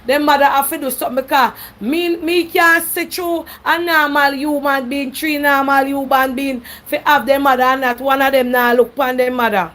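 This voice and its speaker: A woman's voice: high voice, fairly even intonation, moderate pace, hardly any pauses, fairly bright tone. A woman hosting a call-in radio show, giving emphatic, preachy advice. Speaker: radio talk show host.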